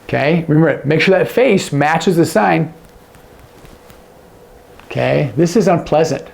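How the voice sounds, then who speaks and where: Male instructor, gravelly, upper-middle pitch, demonstrative, repeats key words softly. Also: a little slow. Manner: demonstrative, drops to a hush on example words. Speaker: sign language teacher. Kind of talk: explaining lesson to camera.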